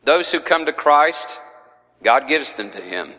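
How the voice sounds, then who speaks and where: Bright-voiced man teaching a Bible study. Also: mid-range voice, very animated, unhurried, long reverb tail, low-quality recording. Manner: conversational, with frequent fillers.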